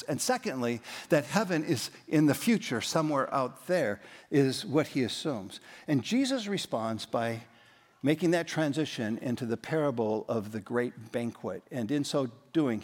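Emphatic preaching man, reverberant church. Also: medium pitch. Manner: leads the congregation in reading aloud, warmly emphatic. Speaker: pastor. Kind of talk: sermon.

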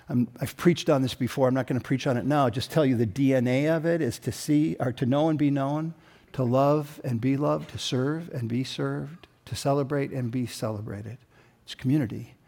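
A man as pastor preaching a sermon, telling a story and building to emphatic peaks, with frequent throat-clearing. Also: mid-range voice, dark tone.

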